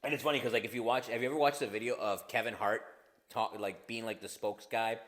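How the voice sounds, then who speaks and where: A man co-hosting a podcast, telling stories in a rambling, profane, animated way and often laughing. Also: on the low side, fast. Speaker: podcast co-host. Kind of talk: casual comedic chat.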